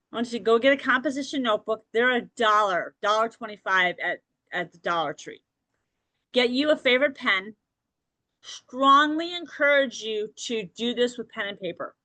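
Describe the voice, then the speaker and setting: Bright-voiced woman podcast host. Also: fairly high pitch, no room sound. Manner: encouraging, direct, repeats "okay?". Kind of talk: motivational podcast talk.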